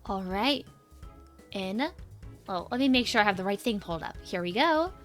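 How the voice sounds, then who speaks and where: A woman's voice: mid-range voice, expressive, normal speed, soft background music. A young woman streaming as a VTuber, chatting casually and giggling often as she greets her chat by name. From United States.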